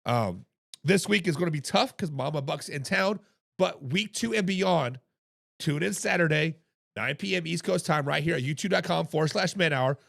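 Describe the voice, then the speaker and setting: A man hosts a casual sports talk live stream, chatting with viewers in the chat. His voice sits high and is heavily gravelly and hoarse. The recording is dry and close. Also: normal speed, a bit bright, no room sound. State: hoarse from coaching. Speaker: podcast host.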